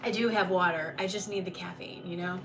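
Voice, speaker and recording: A woman's voice: on the low side, fairly even intonation, fairly quick, over music. A woman hosting a live oracle card reading stream, chatty and reassuring, talking to viewers by name. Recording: distant mic with background noise.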